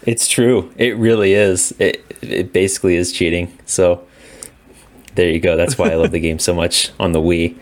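A man co-hosting a casual video game podcast, relaxed and rambling, laughing often. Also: sits low, normal speed. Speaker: podcast co-host. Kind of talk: casual gaming chat.

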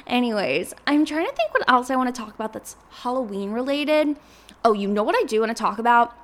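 A woman's voice: on the high side, animated, normal speed. A woman in her twenties hosting a podcast, chatting casually and rambling with lots of filler words. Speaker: podcast host.

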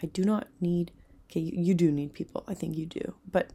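Husky, gravelly young woman giving pep talk. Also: lowish voice, steady tone, brisk. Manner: earnest, rambling, drops into soft whispers. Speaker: self-help podcast host. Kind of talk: casual motivational talk.

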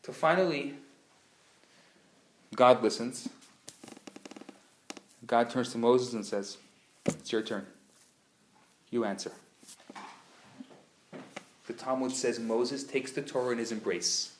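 A man teaching a live class, an animated, playful storyteller who acts out the dialogue. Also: mid-range voice, a little slow, long pauses, slight background noise. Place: classroom at a community center. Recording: roomy live room sound.

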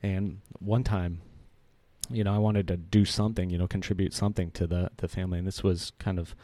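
A man's voice: low voice, flat delivery, fairly quick, mellow, no echo. A man in his thirties telling a personal story in a casual, earnest way, rambling with many fillers and restarts.

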